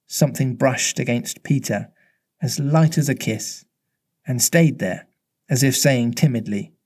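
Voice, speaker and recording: A man reading a children's storybook aloud in a measured way, slowing down at tense moments. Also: mid-range voice, darkish tone.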